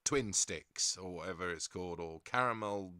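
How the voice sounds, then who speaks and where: A man's voice: low-pitched, moderate pace, sharp tone, clear, resonant tone, dry recording, clean studio sound. An English man hosting a stream in a casual, rambling way, reading out viewer comments and laughing often. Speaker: livestream host.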